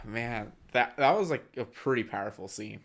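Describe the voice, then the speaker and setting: A man's voice: mid-range voice, normal speed, fairly bright tone. A young man co-hosting a movie podcast, casually retelling scenes and acting out bits of dialogue. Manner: retells scenes, acting out lines, filler-heavy. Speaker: podcast co-host.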